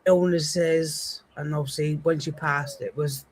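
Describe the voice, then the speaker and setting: A woman's voice: sits low, steady tone, unhurried, poor audio. A middle-aged woman joining a casual live-stream chat, chatty and agreeable.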